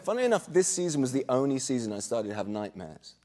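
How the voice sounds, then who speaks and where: A man's voice: medium pitch, very animated, fast talker, a little mellow. A middle-aged man, a guest actor chatting casually in an interview, hesitant and thoughtful.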